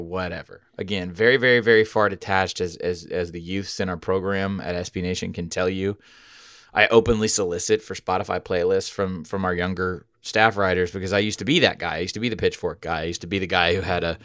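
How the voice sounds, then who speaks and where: A man hosting a podcast, telling a rambling, profane story with sudden loud outbursts. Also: sits low, clear, resonant tone, no room sound, studio quality. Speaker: podcast host. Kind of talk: casual storytelling chat.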